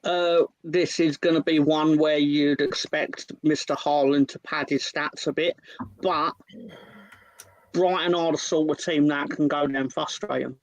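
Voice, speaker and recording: A man's voice: a little high, fairly even intonation, measured pace, no room sound, muffled recording. A man giving football predictions in casual chat, hesitant and blunt, with swearing. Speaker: co-host pundit.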